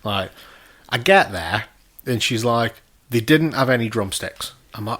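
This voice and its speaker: Bloke rambling through a story on a podcast, swears a lot, laughs lots, mid pitch. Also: male voice, animated, measured pace, fairly bright tone. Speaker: podcast co-host. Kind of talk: casual chat.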